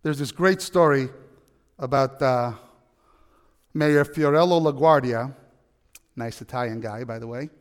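A man preaching a sermon, telling a story with animated, emphatic peaks. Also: mid-range voice, measured pace, pauses often, smooth, big-room sound. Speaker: pastor.

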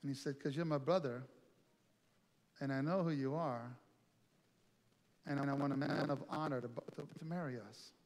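A middle-aged male pastor telling a lively personal story in a sermon, acting out the other voices in it. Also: medium pitch, moderate pace, long pauses. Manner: animated storytelling with quoted voices. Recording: long reverb, faint music.

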